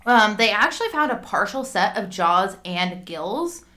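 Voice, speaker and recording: A woman's voice: mid-range voice, sing-song, measured pace, bright, forceful tone. A woman co-hosting a podcast in casual chat, laughing often and stumbling over her notes. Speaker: podcast co-host.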